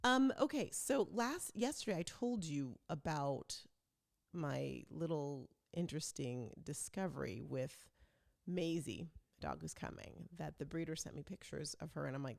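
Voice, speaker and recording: A woman's voice: low voice, animated, measured pace, gravelly. A woman hosting her own vlog, chatting casually and rambling along as a self-described talker. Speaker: vlog host. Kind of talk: casual chat.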